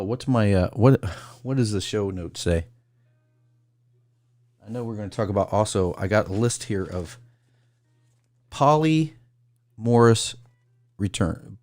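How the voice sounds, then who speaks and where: A man with a low voice hosts a casual call-in livestream. He rambles and reads a list aloud, stopping to greet viewers by name. The sound is dry and close. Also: darkish tone, dry recording. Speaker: call-in show host.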